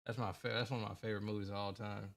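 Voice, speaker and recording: A man's voice: lowish voice, level tone, rapid-fire, vocal fry. A young man hosting a casual late-night gaming livestream, greeting viewers by name in a laid-back, colloquial way. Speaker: gaming streamer.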